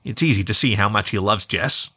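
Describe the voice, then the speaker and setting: A man voicing an old grandfather dog who talks slowly in a folksy way. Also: lowish voice, husky. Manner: slow, folksy and warm-hearted.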